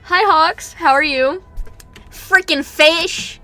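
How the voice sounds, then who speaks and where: Bubbly woman streamer with a bright voice. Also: takes it slowly, soft background music. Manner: excitable, bursts into high squeals and laughter. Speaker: game streamer. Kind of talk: casual stream commentary, reading game text aloud.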